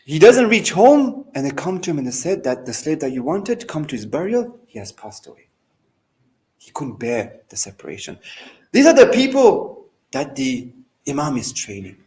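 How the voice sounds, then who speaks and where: A man's voice: fairly high pitch, big pitch swings, moderate pace, a little mellow, poor audio. A man, a shaykh giving a sermon, telling stories as his volume and pace rise and fall. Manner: storytelling, rising and falling in volume and pace. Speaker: shaykh giving a majlis lecture. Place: mosque hall.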